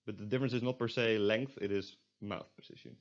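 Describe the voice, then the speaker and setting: Young man teaching, low voice, lo-fi. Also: steady tone, fast talker. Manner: explaining step by step, frequent fillers and self-corrections. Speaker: language teacher. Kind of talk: recorded online lesson. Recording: dull lo-fi recording.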